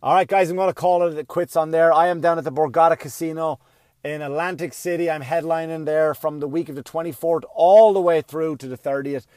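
A middle-aged man hosting his own podcast, delivering a loud, profane comedic rant. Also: fairly high pitch, steady tone, a little fast, dry recording, studio quality.

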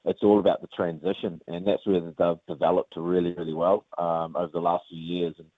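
Deep-voiced Kiwi man on a phone line. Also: fairly quick, no echo. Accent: New Zealand. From New Zealand. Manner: relaxed, many fillers, says mate often. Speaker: professional rugby player. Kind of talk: casual interview. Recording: tinny phone line, dry.

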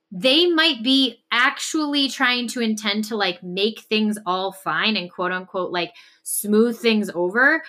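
A woman co-hosting a podcast, talking through a relationship problem in an earnest, casual way with lots of "like" fillers. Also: a little high. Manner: earnest, animated, frequent "like" fillers. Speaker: podcast co-host. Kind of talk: casual conversational discussion.

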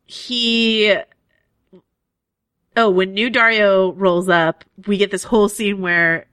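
Slow and steady, a woman with a medium-pitched, fairly bright, clear and resonant voice recaps a TV episode on a casual podcast she co-hosts. She's an eager fan who uses many fillers. The recording is dry.

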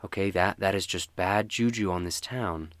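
A man's voice: low-pitched, normal speed, a bit bright, no room sound. A man voicing a half-elf fisherwoman on a town council, placating and insistent. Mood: reassuring.

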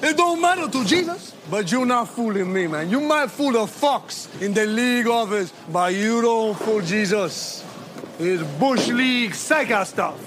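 A man's voice: high-pitched, animated, a little slow. An actor playing a flamboyant, cocky male bowler who taunts crudely in a noisy film clip. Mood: taunting. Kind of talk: film dialogue.

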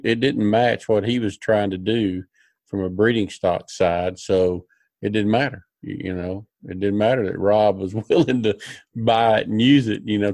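Low-voiced man telling a folksy story. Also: a little mellow, no room sound. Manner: folksy, rambling, many fillers and restarts. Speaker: podcast host. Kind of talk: casual storytelling chat.

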